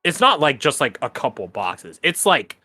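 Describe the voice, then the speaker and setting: A man's voice: a little high, very animated, normal speed, bright, forceful tone, soft background music. A man running a tabletop game as game master, describing the scene in a casual, rambling way full of filler words.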